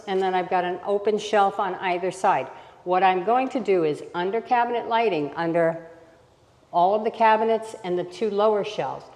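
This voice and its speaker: A woman's voice: medium pitch, darkish tone. Woman designer in an echoey room. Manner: practical, reassuring, thinks aloud while counting. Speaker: interior designer. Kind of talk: casual on-site walkthrough tutorial. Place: kitchen under renovation, indoors.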